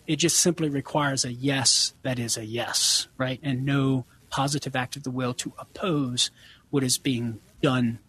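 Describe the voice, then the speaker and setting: A man's voice: mid-range voice, fairly even intonation, a little slow, fairly bright tone, husky. A man, earnestly explaining answers to callers on a call-in radio show and acting out bits of dialogue. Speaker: guest apologist answering callers.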